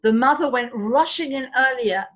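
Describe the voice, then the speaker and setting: Measured woman, lo-fi sound. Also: high-pitched, a bit bright. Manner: thoughtful, measured, with frequent ums and slowed emphasis. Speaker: parenting workshop speaker. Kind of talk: live online talk. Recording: dull lo-fi sound.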